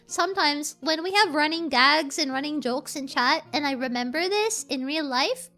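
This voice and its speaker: Super high-pitched young woman streamer just rambling to chat, lots of likes and giggles, quiet music in the back. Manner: rambling, filler-heavy, giggly. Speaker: VTuber streamer. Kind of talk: casual chat with livestream viewers. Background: faint background music.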